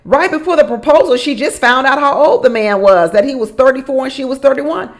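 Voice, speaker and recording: A woman giving a casual recap of a reality show. She is animated, often repeats phrases for emphasis, laughs often and talks straight to the people on the show. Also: sits high, a little fast. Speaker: reality show commentator and relationship coach.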